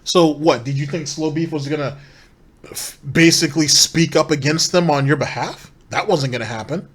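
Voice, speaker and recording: A man's voice: fairly high pitch, moderate pace. Sarcastic male commentary host. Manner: critical, sarcastic, rhetorical questions. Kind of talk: reaction commentary on a streamer clip.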